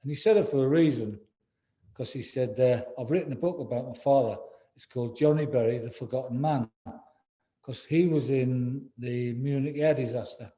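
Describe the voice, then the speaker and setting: A man in his sixties being interviewed, speaking candidly and haltingly, with many repeated words and "you know"s. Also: mid-range voice, dark tone. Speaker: interview guest, former footballer.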